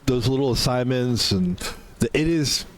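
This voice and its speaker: A man's voice: medium pitch, animated, normal speed, slight background noise. A man casually commenting while playing a video game, rambling between jokes and swearing freely. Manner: rambling, profane, joking asides. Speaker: gaming YouTuber. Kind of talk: casual let's-play commentary.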